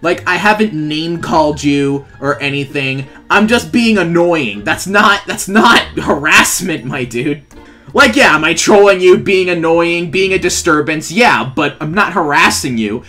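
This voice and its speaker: A playful gamer narrates an online game session, with a bright, lively voice that swoops up and down and an unhurried delivery. Light background music sits underneath. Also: mid-range voice. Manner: playful, mock-clueless, laughs often. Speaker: YouTuber playing a Roblox trolling skit. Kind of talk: gameplay commentary with in-character trolling. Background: faint background music.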